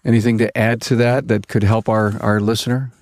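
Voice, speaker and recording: A man's voice: on the low side, flat delivery, a little fast, darkish tone, dry recording. A man hosting a podcast, summing up the discussion with frequent fillers. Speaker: podcast host. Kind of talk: casual podcast wrap-up.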